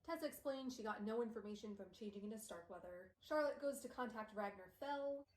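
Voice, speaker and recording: A woman's voice: medium pitch, brisk, a little hiss or hum. Chatty young woman streamer, echoey room. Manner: chatty, sarcastic, heavy use of "like". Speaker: VTuber streamer. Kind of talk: casual book recap. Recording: roomy echo.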